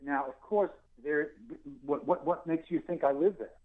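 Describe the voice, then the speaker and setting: A singer-songwriter in his sixties from New York, telling animated stories and acting out dialogue as an interview guest. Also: on the high side, moderate pace. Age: 60s. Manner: animated storyteller who acts out dialogue and laughs. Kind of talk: phone interview. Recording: tinny phone line.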